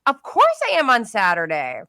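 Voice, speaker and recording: A woman on a talk show, teasing her co-hosts in an animated, exasperated way. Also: medium pitch, moderate pace, a crowd in the background. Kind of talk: casual radio talk.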